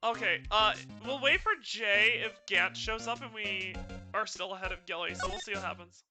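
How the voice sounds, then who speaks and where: A woman's voice: medium pitch, normal speed, over music. A woman streamer playing a detective game for the first time, chatting casually and reading the dialogue aloud in playful voices.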